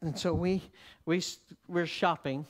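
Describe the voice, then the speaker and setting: A man preaching, telling a story in an animated way, laughing often and repeating words as he goes. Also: fairly high pitch, unhurried. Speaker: preacher teaching. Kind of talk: sermon storytelling.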